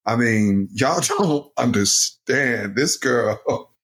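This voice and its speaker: Middle-aged dad co-host, lively storyteller, laughs easily, chatty podcast register. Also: male voice, mid-range voice, extremely slow. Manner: animated storytelling, laughs often, addresses listeners as y'all. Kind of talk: casual family podcast chat.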